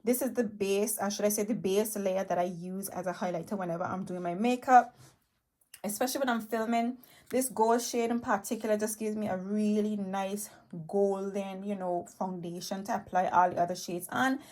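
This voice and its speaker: At home in a room cluttered with makeup, a woman vlogs about her favorite beauty products on a handheld tablet, rambling enthusiastically, full of fillers and a bit out of breath. Her mid-range voice is darkish and fairly even, at a moderate pace.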